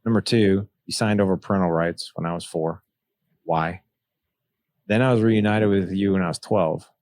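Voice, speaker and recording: A man's voice: low-pitched, moderate pace, darkish tone, dry recording. A man as a podcast guest, earnestly telling a personal story and retelling past conversations. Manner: earnest, retells dialogue with "he's like".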